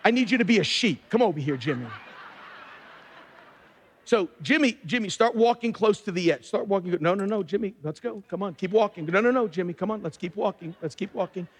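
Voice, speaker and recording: A man preaching a sermon as pastor, emphatic and animated, jumping up in pitch for emphasis and dropping to quiet asides. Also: brisk, slightly rough. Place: church sanctuary. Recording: long reverb of a church hall.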